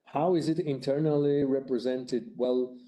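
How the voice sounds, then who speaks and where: A man's voice: mid-range voice, steady tone, a little slow, mellow, rough recording. A male lecturer giving a live lecture and taking questions, speaking hesitantly with many fillers and restarts. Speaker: university lecturer.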